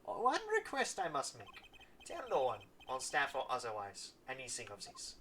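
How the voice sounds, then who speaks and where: A man's voice: mid-range voice, wildly swooping pitch, moderate pace, pushed and bright, slight background noise, pitched below the performer's own voice. A man doing a suave rock star prosecutor. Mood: suave, secretive.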